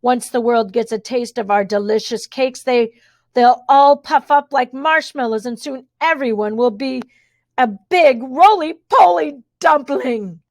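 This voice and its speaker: A woman's voice: high voice, measured pace, dry recording, studio quality. A woman voicing a pair of vain, scheming twin sisters who used to be models, in a storybook read-aloud, ranting haughtily in unison. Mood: haughty rant.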